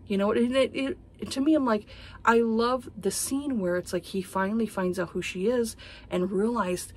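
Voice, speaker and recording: A husky-voiced woman in her thirties rants on her book vlog, exasperated and swearing freely. Her pitch leaps high when she gets indignant, then sinks low and flat as she vents her disappointment. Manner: heated, profane, exasperated. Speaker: book vlogger. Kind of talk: casual ranting monologue.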